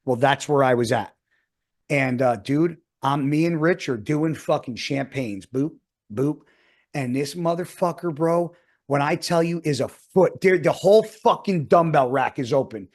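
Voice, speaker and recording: A man's voice: fairly high pitch, measured pace. A man in his forties telling a story in casual podcast chat, swearing constantly as he talks. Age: 40s. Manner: heavily profane, animated storytelling. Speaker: podcast co-host.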